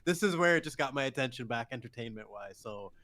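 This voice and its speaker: A man's voice: medium pitch, expressive, fast talker, bright, forceful tone. Blunt man swearing casually. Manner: blunt, profane opinions. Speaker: podcast co-host. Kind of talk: casual chat.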